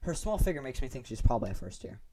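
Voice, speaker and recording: This young gaming channel host has a mid-range, sing-song voice that's mellow despite his rapid-fire delivery, with a little hiss or hum in the audio. He reads a visual novel's story text aloud, tossing in goofy, chatty asides.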